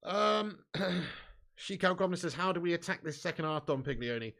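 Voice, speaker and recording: A man's voice: on the high side, expressive, moderate pace, creaky, fairly bright tone. A man hosting a live match watch-along, reading out viewer chat with blunt, sweary football banter and lots of "mate" and "bud". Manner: chatty, often adds "mate" and "bud". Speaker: fan channel host reading live chat.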